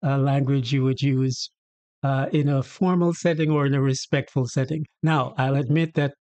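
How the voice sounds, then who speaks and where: A man from Jamaica with a Jamaican accent, casually explaining his native Patois as host and acting out bits of dialogue in a chatty, relaxed way. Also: mid-range voice, normal speed, dry recording.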